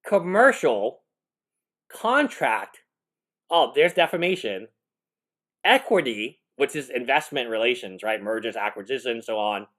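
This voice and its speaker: A man's voice: mid-range voice, big pitch swings, measured pace, a bit bright. A man, a lawyer, giving live reaction commentary, incredulous and laughing, rambling with restarts.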